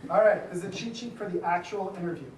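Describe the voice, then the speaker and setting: A man's voice: high-pitched, fast, slight background noise. A man gives a casual talk to an event audience, chatty and full of asides. His voice carries a roomy echo from the hall. The mic sits some way off, with faint ambience behind him. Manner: chatty, with frequent asides and light laughter. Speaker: speaker at a design community event. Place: event room with a live audience. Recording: echoey room, distant mic, faint ambience.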